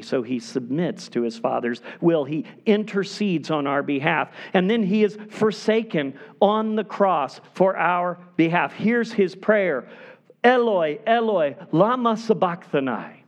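A man preaching a sermon as a pastor, with emphatic delivery that falls to hushed, quiet stretches for emphasis. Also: on the high side.

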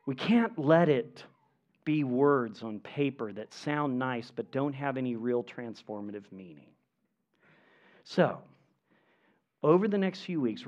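A pastor preaching a sermon in an earnest, emphatic way, with measured pauses. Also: male voice, mid-range voice, darkish tone. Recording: dull lo-fi recording.

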